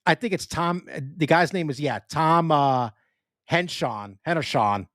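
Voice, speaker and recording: A man with a New York accent holds forth on a casual sports podcast, cursing freely and restarting his sentences. His pitch swings widely as he rants. The sound is dry and close, with no room echo. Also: measured pace. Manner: animated, swearing, lots of restarts. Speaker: podcast co-host.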